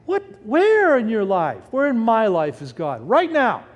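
A man preaching a sermon from the pulpit of a church, his voice pitched high and swinging widely as he fires off rhetorical questions. He often breaks off mid-word and restarts. His voice rings with a long hall reverb. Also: wildly swooping pitch, a little slow, lo-fi sound. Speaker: pastor. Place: church sanctuary.

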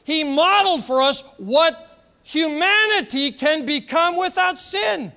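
High, bright-voiced man preaching passionately. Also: lively intonation, slow pace. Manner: passionate, emphatic preaching with repetitions. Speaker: pastor. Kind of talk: sermon.

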